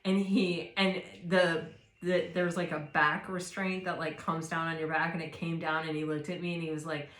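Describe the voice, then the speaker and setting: A woman giving a tarot reading, talking in a loose, rambling way with lots of fillers and self-corrections. Her voice sits on the low side for a woman and is soft and reassuring. The sound has a noticeable roomy echo. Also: flat delivery, moderate pace. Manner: rambling, many fillers and restarts. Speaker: tarot reader. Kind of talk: casual spiritual chat.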